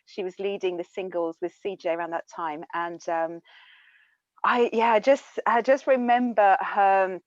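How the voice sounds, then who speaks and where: A woman's voice: mid-range voice, steady tone, unhurried, no echo. A woman from France sharing a heartfelt memory on a video call, hesitant with many fillers and restarts. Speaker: church member sharing a memory. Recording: dull lo-fi video call audio.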